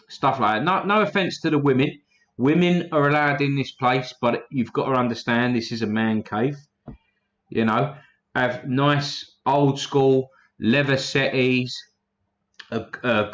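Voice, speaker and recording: A man's voice: mid-range voice, a bit bright, highs cut off. A man hosting a casual livestream, reading chat names aloud in a blunt, profane way.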